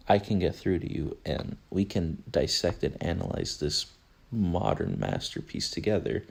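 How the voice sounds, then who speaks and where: Low gravelly man rambling about a film. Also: darkish tone. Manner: rambling, profane, self-correcting. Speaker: podcast host. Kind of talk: rambling casual film commentary.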